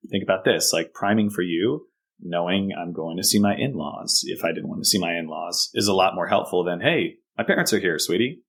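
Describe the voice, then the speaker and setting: A man with a fairly low-pitched voice, speaking as a counselor in an interview. He explains in a steady, conversational way and often drops into sample lines he would say to a child. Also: brisk, slightly rough. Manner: explanatory, acts out example phrases to kids.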